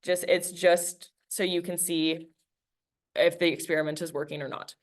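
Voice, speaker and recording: A woman's voice: fairly low pitch, flat delivery, moderate pace. A woman teacher giving a recorded class lesson, chatting with students and reading a book aloud, acting out the quoted dialogue. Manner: conversational, acts out quoted dialogue while reading.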